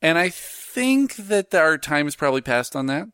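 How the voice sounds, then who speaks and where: A man co-hosting a podcast in casual chat, animated and laughing often. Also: on the high side, moderate pace, clear, resonant tone, no echo, studio quality. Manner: animated, laughs often, does silly voices in stories. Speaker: podcast co-host.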